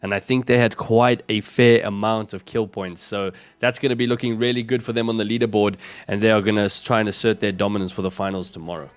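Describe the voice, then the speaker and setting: A man with a South African accent giving esports color commentary, breaking down plays in a measured way with frequent fillers. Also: lowish voice, fairly even intonation, clear, resonant tone, dry recording. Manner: measured analysis with many fillers. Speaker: esports co-caster.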